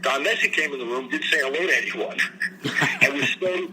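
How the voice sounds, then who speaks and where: A man chatting casually about voice acting, telling stories with an animated delivery. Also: mid-range voice, normal speed. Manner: animated, slips into impressions. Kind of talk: casual storytelling chat. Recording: faint background noise.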